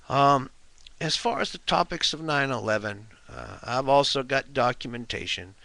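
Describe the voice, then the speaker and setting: A man's voice: mid-range voice, moderate pace, creaky, sharp tone, dry recording. A man giving a heated, scornful monologue to his webcam at home, full of rhetorical questions. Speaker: video blogger. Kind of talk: ranting monologue to camera. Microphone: webcam mic.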